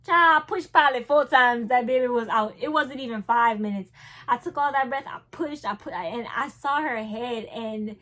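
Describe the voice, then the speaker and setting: A young woman, telling a casual storytime vlog. She swings between hushed and loud. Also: on the high side, normal speed. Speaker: vlogger.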